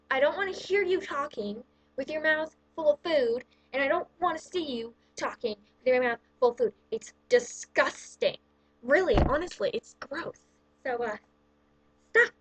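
A woman with a fairly high voice rants to the camera about her pet peeves. She sounds exasperated and sarcastic, and she talks casually with a lot of "like" in her sentences. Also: breathy edge, low-quality recording. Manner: exasperated, sarcastic, heavy use of "like". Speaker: vlogger. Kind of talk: casual ranting countdown list.

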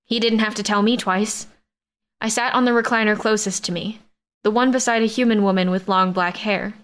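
A woman narrating a science-fiction romance in first person, with a steady, even storytelling read. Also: medium pitch, fairly quick. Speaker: audiobook narrator.

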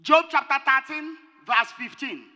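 A woman pastor preaching an impassioned sermon, rising to shouted peaks and dropping low. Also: unhurried. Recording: long hall reverb.

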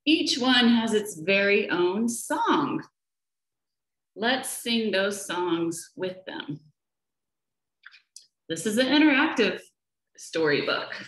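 Woman nature educator, slow storytime reading to small kids, roomy echo. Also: medium pitch, very animated. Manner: slow, gentle, asks the children questions. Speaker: children's nature program educator. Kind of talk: reading a picture book aloud to young children. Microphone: laptop or webcam for a video session. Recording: echoey room.

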